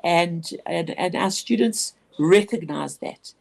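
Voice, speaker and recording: A woman's voice: lowish voice, slow, gravelly, darkish tone. A woman guest on a radio interview telling a personal story, reflective and earnest, often restarting her sentences.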